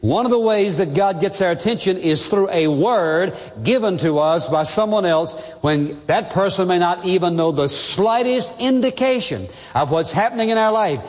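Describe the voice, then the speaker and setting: A man's voice: high voice, expressive, normal speed, hardly any pauses, darkish tone, long reverb tail. A man preaching a sermon as pastor, speaking earnestly and directly to the listener.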